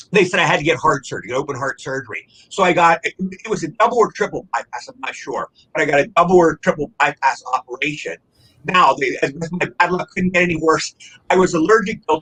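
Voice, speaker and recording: An older man talks quickly in a high-ish, bright and forceful voice. He rambles through a personal story, animated and full of restarts, as a guest in a casual interview. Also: rough recording.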